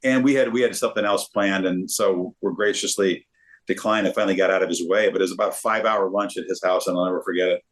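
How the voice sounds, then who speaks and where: A man, talking in an easy, casual interview. He is an animated storyteller who often repeats words as he gathers his thoughts. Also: sits low, quick pace. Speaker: sportscaster guest.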